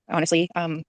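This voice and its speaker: A woman's voice: low-pitched, darkish tone. A woman, a mother, arguing and pleading emotionally in a group audio chat, repeating herself. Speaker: mother of a missing child. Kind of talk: heated audio-chat argument.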